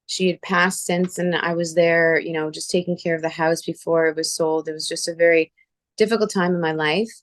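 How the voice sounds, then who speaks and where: Hosting a laid-back chat show, a woman from Canada animatedly shares personal stories and performs the voices of those she quotes. Her voice is lowish and fairly quick, captured in clean studio sound with no echo.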